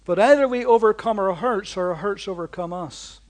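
A man preaching a sermon, swinging from loud bursts to slow, hushed lines and driving points home with rhythmic repetition. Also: high-pitched.

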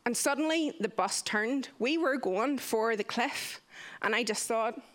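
A woman's voice: a little high, measured pace. A young woman tells a personal story vividly, acting out what people said. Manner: vivid, animated retelling with acted-out quotes. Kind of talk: personal story told to listeners.

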